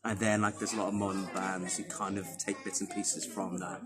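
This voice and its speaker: A Welsh man, a guitarist, chatting in a rambling, animated way in a backstage interview. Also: deep voice, brisk, over music. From Wales. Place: backstage after a gig. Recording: crowd noise behind. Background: crowd noise.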